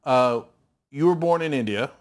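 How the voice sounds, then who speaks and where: A man's voice: mid-range voice, moderate pace. A man hosting a casual interview, blunt and joking, who swears freely. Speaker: interview host.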